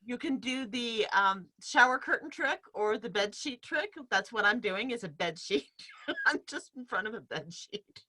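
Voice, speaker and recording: Workshop leader, woman, bright voice, explains by demonstrating, laughs easily, heard over a video call. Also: fairly high pitch, animated, unhurried. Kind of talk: teaching a live online workshop. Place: home room in front of a bed sheet.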